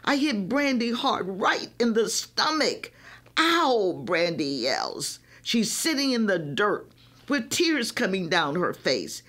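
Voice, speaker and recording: A woman reading a children's novel aloud, telling it in the first person with an expressive delivery. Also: mid-range voice, slow pace. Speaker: reader.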